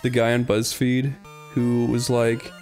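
A man's voice: mid-range voice, completely flat delivery, slow pace, darkish tone, faint music behind. A man in casual chat among friends, amused, telling a story and reading posts aloud. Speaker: lets play host.

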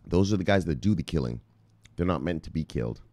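A man's voice: sits low, fast, no echo. Hyped-up, profane male crypto vlogger. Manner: excitable, profane, shouting "bang" at viewers. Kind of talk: casual hyped-up commentary.

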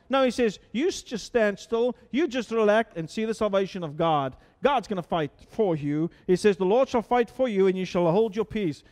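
A pastor with a high voice gives a sermon in a church sanctuary, speaking conversationally at normal speed with lively intonation. He stumbles over repeated words, tosses out rhetorical questions, and sometimes drops to a soft hush, his voice ringing with the hall's long reverb.

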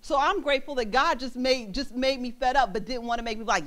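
Animated young woman preaching a sermon. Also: high-pitched, fairly quick. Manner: animated, acts out quoted voices, laughs. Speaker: minister. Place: church.

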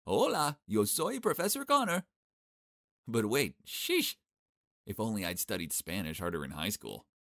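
A young man narrating a first-person animated story in a cocky, sarcastic, expressive way. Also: sits low, dry recording, clean studio sound.

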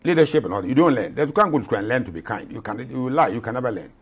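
A man's voice: mid-range voice, animated, rapid-fire, husky. A man in his eighties from Ghana, a retired general speaking as a guest in an interview, impassioned and emphatic, repeating himself for stress. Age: 80s.

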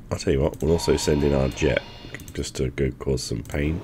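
A man's voice: a bass voice, steady tone, moderate pace, mellow, a little hiss or hum. A man hosting a gaming channel, thinking aloud in casual commentary as he plans his moves.

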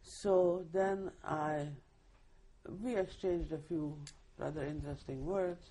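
An older woman recalling her past in an oral history interview, telling it vividly with halting restarts. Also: lowish voice, steady tone, mellow. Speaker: Holocaust survivor giving testimony.

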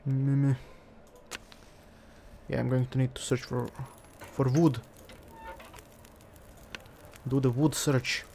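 A man with a gravelly, fry-laden voice narrates his survival game as he plays, half muttering to himself and coaxing the game along. Faint noise hums under the recording. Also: mid-range voice, flat delivery, takes it slowly, long pauses, warm tone. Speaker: let's play gamer. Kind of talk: casual gameplay commentary.

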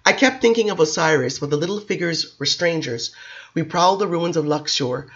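A woman's voice: low voice, fairly quick, dull audio. Woman reading a novel aloud. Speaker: audiobook reader. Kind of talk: audiobook narration.

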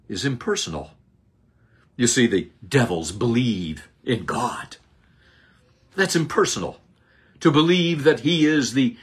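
Slow husky-voiced man preaching. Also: medium pitch. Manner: slow, deliberate preaching with dramatic drops and rises. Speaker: Bible teacher. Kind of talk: sermon.

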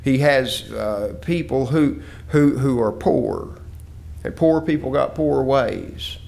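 A man's voice: mid-range voice, slow pace, gravelly, darkish tone. A man preaching a sermon lesson in an earnest, scripture-quoting way, often repeating himself.

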